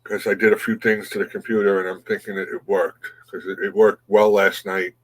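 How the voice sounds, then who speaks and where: A man chats casually on a morning livestream, greeting his viewers one by one. His voice sits a bit low and his talk is easygoing, often trailing off mid-thought. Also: fairly quick, rough recording. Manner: relaxed, greets chatters by name, trails off. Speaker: livestream host. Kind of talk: casual chat reading viewer comments.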